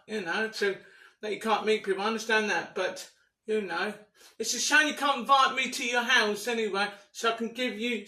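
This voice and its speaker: High-pitched guy, bright piercing voice, whiny and repetitive, keeps breaking into shouts. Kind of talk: pleading and ranting to camera. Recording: echoey room, distant from mic.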